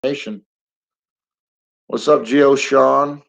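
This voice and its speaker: A man's voice: medium pitch, fairly even intonation, very slow, gravelly, poor audio. A middle-aged man hosting a casual live stream, talking bluntly and rambling, getting heated and swearing now and then.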